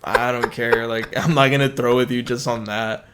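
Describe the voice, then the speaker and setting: A man's voice: mid-range voice, level tone, normal speed, heavy background noise. A young man hosting a podcast, telling stories in casual, profane chat and acting out the people he quotes. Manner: profane storyteller, acts out quotes. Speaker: podcast host.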